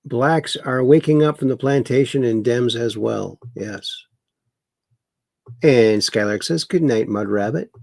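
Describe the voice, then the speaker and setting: Gravelly, slow-talking livestream host. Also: male voice, mid-range voice, a little mellow, no echo, clean studio sound. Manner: mocking, chuckling political commentary. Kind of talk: casual livestream chat reading comments.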